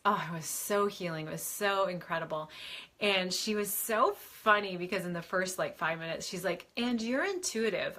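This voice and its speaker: A woman hosting a live question-and-answer stream from home, gushing and excitable, laughing often as she greets viewers. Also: fairly low pitch. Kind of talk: bubbly livestream chat.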